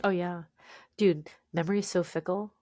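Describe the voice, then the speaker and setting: Speaking at a normal pace in a lowish voice, a woman author shares her story on a podcast with candor and animation. She often tags lines with "right?" and throws in "dude." The studio-quality audio has no room sound.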